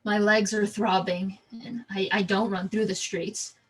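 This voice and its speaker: A woman performing a theatrical storytelling monologue, halting with frequent restarts and repeated words. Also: mid-range voice, flat delivery, husky, poor audio. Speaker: stage performer.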